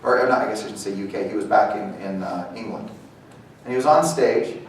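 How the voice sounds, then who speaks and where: A man giving an energetic motivational talk to a real estate team, animated and acting out quoted voices. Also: on the low side, a little fast. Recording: echoey hall, voice from far off, faint noise.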